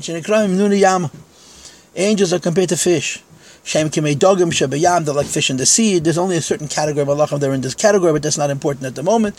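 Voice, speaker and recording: A man's voice: fairly high pitch, a little mellow. A man teaching a text-study lecture in Yeshivish English, conversational, with frank self-deprecating asides.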